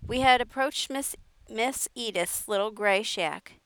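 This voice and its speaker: A woman reading a children's story aloud in a clear, steady storytelling voice. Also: a little high, unhurried. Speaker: story reader. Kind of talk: audiobook narration.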